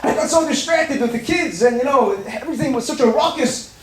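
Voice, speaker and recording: An eager, hospitable Sabbath host who chatters on and trips over his apologies, as a man acts him out in a sermon. His voice sits high. It rings around an echoey room with a faint hum behind it. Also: lively intonation, a little fast. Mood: apologetic.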